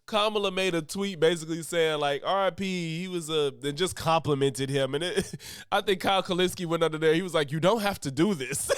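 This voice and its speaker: Guy reacting to a vid on stream, slightly high voice, laughs a lot, swears, dry close mic. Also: fairly quick, a bit bright, clear, resonant tone, dry recording. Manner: laughs often, swears, talks loosely with restarts. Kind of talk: casual reaction commentary.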